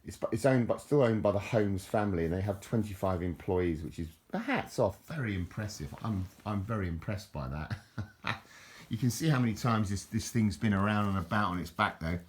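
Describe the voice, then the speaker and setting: His voice is lowish with lively intonation, and he keeps a moderate pace. This older southern English vlogger, accent and all, rambles and chuckles to camera, often repeating himself and restarting sentences.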